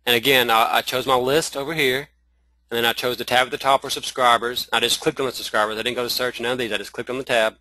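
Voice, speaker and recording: A man with a Southern accent teaching a live screen-share webinar, talking in halting runs full of restarts and fillers. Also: medium pitch, fairly even intonation, bright, forceful tone, dry recording, rough recording. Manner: halting, many restarts and fillers, addresses viewers as y'all. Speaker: online marketing trainer.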